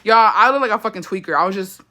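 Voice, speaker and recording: Animated and quick, this young livestream host from Texas uses a sharp, medium-pitched voice for an indoor storytime. She talks bluntly, swears a lot and throws in Spanish phrases.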